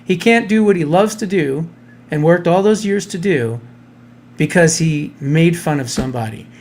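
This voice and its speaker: Male talk radio host with a slightly high voice, blunt and ranting in a loose chat with his co-host. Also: normal speed, a little mellow. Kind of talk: casual political talk.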